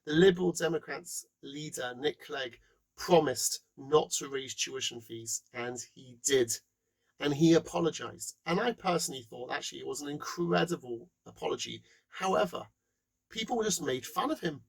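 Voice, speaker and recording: A man giving a presentation, animated, acting out quotes and laughing now and then. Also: fairly high pitch, normal speed, vocal fry, slightly rough, low-quality recording. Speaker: speaker. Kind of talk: presentation talk.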